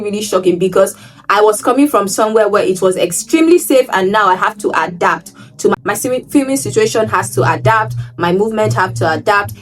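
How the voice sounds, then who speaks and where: A woman from Nigeria telling stories to her travel vlog viewers, animated, often repeating words for emphasis. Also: medium pitch, far from the mic. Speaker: travel vlogger. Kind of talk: casual vlog storytelling.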